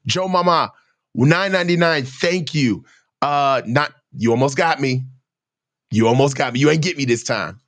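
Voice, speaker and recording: A man's voice: mid-range voice, moderate pace, fairly bright tone. A man hosting a live football reaction show, ranting in heated, slangy commentary.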